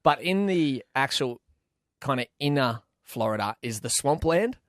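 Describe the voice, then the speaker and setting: A young Australian man chatting on a podcast, his pitch leaping around as he tells stories and acts out other people. The sound is close and dry, with no room around it. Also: unhurried, dry recording. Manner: animated storyteller, mimics voices. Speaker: podcast host. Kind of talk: casual chat.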